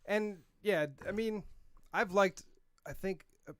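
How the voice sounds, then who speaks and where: A man co-hosting a podcast, chatting casually, excitable and swearing freely with frequent laughter. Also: high voice, slow, no echo. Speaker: podcast co-host. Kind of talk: casual chat.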